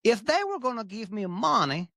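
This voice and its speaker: Brief: grumpy greedy chef guy, deadpan and childlike, pitch leaping all over, dry close sound, a woman putting him on. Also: moderate pace, dry recording. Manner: deadpan, broken grammar, wild pitch swings. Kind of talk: improvised comedy bit.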